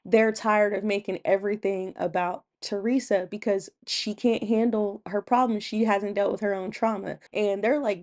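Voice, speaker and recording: A woman's voice: medium pitch, steady tone, normal speed, hardly any pauses. A woman hosting her own channel, chatting casually through a TV episode recap and acting out the quotes with a laugh.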